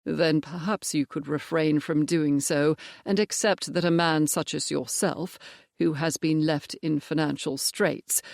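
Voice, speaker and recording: A narrator voicing a stern male cavalry major who speaks in a measured, firm way in an audiobook. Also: fairly high pitch, vocal fry, no echo, clean studio sound. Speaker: character in an audiobook. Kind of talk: audiobook character voice.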